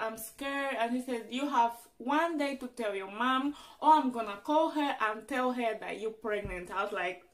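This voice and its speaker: A young woman who is not a native English speaker tells her personal story as a vlogger, chatty and acting out her own past lines. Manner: chatty, acts out her own past lines with big swings in pitch and loudness. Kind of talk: casual storytelling vlog.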